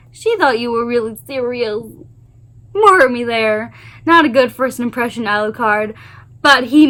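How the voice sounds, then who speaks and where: A woman's voice: fairly high pitch, a bit bright. A woman book vlogger giving a gushing, emphatic spoiler review of a novel series, swearing often and repeating her exclamations.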